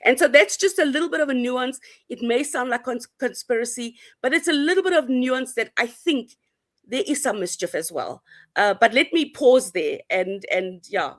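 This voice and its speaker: A woman speaking as a panelist, thoughtful and halting, with many pauses and restarts. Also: a little high, lively intonation, fairly bright tone. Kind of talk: online panel discussion.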